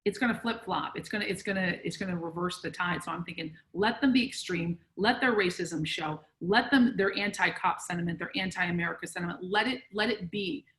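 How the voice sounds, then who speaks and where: A woman's voice: fairly low pitch, brisk, hardly any pauses, a bit bright, poor audio. An outspoken woman speaking emphatically as a guest in a casual conversation.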